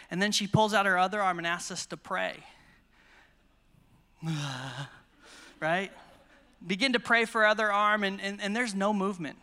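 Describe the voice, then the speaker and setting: Bright-voiced American man preaching in a hall. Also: sits high, clear, resonant tone. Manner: storytelling, self-deprecating humor, repeats words when excited. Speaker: conference speaker. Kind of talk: sermon with testimony stories. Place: large conference hall. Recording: long hall reverb.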